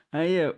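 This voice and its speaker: A streamer with a French accent chatting casually on a live stream, laughing often and swearing offhandedly.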